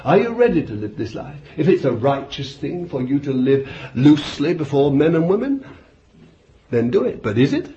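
A man preaching a fervent sermon, swinging from loud exclaiming to hushed whispers. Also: fairly high pitch, big pitch swings, normal speed. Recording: dull lo-fi recording with faint hiss.

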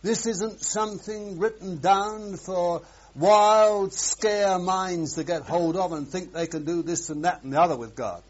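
A man's voice: high voice, measured pace. Dramatic preacher man, lo-fi recording. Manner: dramatic, swings from loud exclamations to hushed asides. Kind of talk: sermon. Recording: dull lo-fi sermon recording.

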